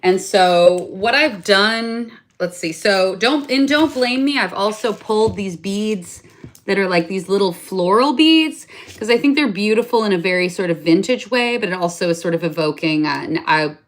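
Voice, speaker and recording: A woman's voice: medium pitch, normal speed. A young adult woman showing off a craft project in a casual vlog, chatty and rambling, often correcting herself mid-sentence, playfully self-mocking. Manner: enthusiastic and self-mocking about her detail. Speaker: craft vlogger. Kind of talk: casual show-and-tell.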